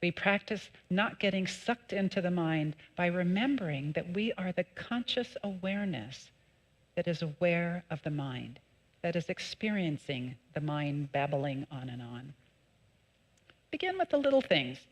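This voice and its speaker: A woman minister giving a sermon, calm and measured in her teaching, with lively emphatic peaks. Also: lowish voice. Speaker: associate minister. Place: church sanctuary.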